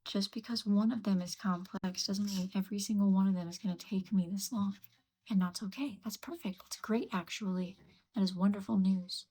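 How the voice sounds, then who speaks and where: A woman's voice: medium pitch, fairly even intonation, normal speed, mellow, breathy edge, low-quality recording. A woman chatting casually on a live stream as she works on a craft piece, often murmuring encouragement to herself. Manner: murmurs to herself, self-coaching. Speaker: craft livestreamer. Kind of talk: casual live-stream chat while working.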